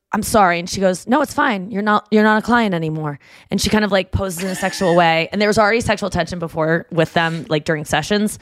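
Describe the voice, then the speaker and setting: A woman's voice: lowish voice, dry recording. A young woman hosting a casual podcast chat, rambling with lots of fillers and acting out scenes she describes. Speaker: podcast host.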